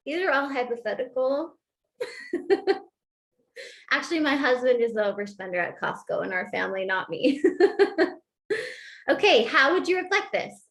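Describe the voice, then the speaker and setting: A somewhat high-pitched woman teaches a webinar on couple communication in a chatty, upbeat way. She laughs often and acts out short example lines in other tones. Her delivery is informal. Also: sing-song, moderate pace. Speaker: marriage and family therapist.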